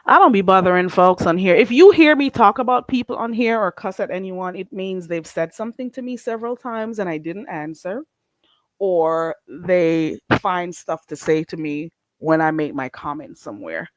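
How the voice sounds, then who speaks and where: A woman's voice: on the low side, animated, moderate pace, dry recording. Woman from Jamaica ranting, dry sound. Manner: profane, combative, mocking. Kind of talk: heated livestream rant.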